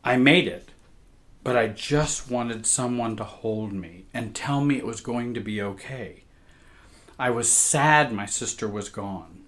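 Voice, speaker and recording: A man reading a personal account aloud in a measured, emotional way. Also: mid-range voice, a bit bright. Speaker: therapist and show host.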